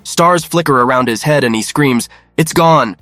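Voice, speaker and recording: A man reading a scripted story recap in an even, matter-of-fact way. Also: mid-range voice, normal speed, dry recording, faint music behind. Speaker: narrator. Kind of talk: scripted narration.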